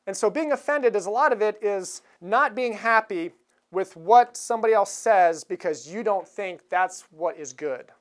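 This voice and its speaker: Woman preacher, casual chatty sermon delivery, easy chuckles, mid-range voice. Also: mid-range voice. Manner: conversational, chuckles while retelling a film scene.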